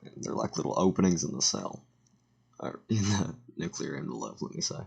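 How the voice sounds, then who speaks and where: A teenage boy giving a casual slideshow voiceover for a school presentation, halting and self-correcting, with joking asides. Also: deep voice, creaky, a little mellow, husky. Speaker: student presenter.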